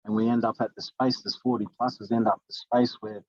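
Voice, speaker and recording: A middle-aged man with a New Zealand accent speaks earnestly as a guest in a casual interview, circling back and restarting his thoughts. His voice sits in an ordinary middle pitch. The recording is dull and dry, with no room sound. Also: level tone, a little fast, no room sound. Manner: earnest, rambling with many restarts. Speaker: life coach.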